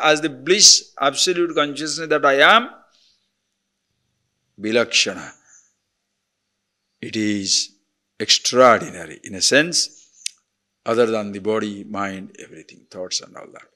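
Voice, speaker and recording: A man gives a spiritual discourse as a teacher. He asks rhetorical questions and swings from emphatic to soft. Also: mid-range voice, unhurried.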